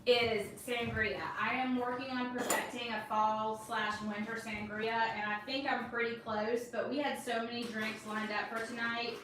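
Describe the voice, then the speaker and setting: A woman's voice: fairly high pitch, flat delivery, normal speed, few pauses. Southern woman, talkative cocktail co-host, echoey room, noisy distant recording. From Southern US, Georgia. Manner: chatty, folksy, says y'all often. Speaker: cookbook author co-hosting a cocktail livestream. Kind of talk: casual chat. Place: home bar area.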